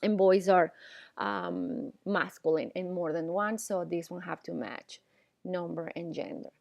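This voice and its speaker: Slow-paced, patient woman language teacher. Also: on the low side, sing-song, vocal fry, a little mellow, no echo. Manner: patient, checks in often with "okay?" and "all right?"; casual, slightly ungrammatical English. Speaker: Spanish teacher. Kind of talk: recorded classroom lesson.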